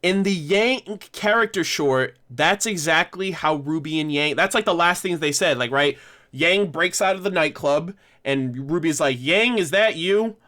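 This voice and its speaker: A man's voice: on the high side, moderate pace, sharp tone. A man hosting a casual livestream discussion, rambling and correcting himself with frequent laughs. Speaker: livestream host.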